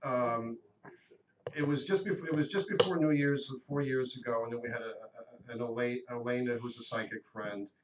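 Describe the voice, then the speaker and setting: A man in his fifties telling a story in a casual, animated and earnest way on a talk radio show. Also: mid-range voice, moderate pace, very noisy. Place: radio studio. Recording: roomy echo, mic at a distance.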